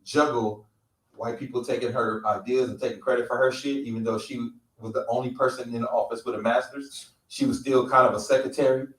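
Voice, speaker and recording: A man's voice: medium pitch, fairly even intonation, brisk, a bit bright. A middle-aged man from California co-hosting a casual roundtable and talking bluntly with plenty of profanity. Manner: blunt, profane, emphatic storytelling. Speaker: podcast co-host. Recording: roomy, distant mic.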